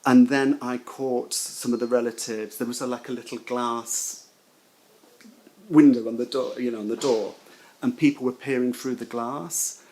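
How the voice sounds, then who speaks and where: Brief: middle-aged male ex-nurse, medium pitch, halting and emotional testimony. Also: steady tone, a little mellow, rough recording. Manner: emotional, halting reminiscing with repeated words. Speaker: former nurse. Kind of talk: personal testimony.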